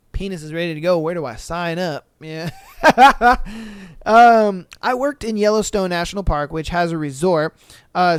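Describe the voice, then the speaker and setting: A man hosting a podcast, reading stories aloud and reacting with profane, animated, exaggerated commentary. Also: high-pitched, clean tone, dry recording, studio quality. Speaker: podcast host.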